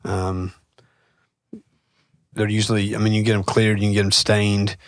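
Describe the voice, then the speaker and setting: A man's voice: fairly low pitch, level tone, normal speed, dry recording, clean studio sound. A man co-hosting a casual show, giving practical home repair tips in a plainspoken, joking way. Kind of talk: casual how-to chat.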